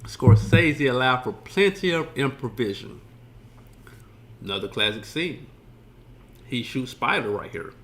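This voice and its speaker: A man's voice: mid-range voice, animated, a little slow, pauses often, a bit bright. A man streaming a casual reaction commentary, rambling loosely and swearing freely as he retells scenes.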